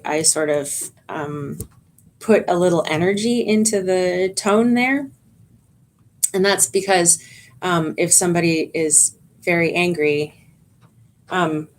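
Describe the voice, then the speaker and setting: Calm low-voiced woman chaplain. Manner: calm, gentle explaining with frequent ums and restarts. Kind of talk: training talk to volunteers.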